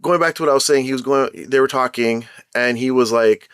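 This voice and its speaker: A young man of Caribbean background giving casual commentary as a show host, animated, acting out quotes as he retells. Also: medium pitch, a little fast, clean tone, dry recording, studio quality.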